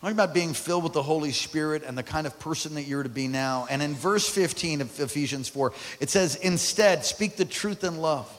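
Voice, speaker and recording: A male pastor preaching a sermon, calling out to the congregation and swinging from quiet to loud. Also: a little high, fairly quick, hardly any pauses. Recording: hall reverb with faint music.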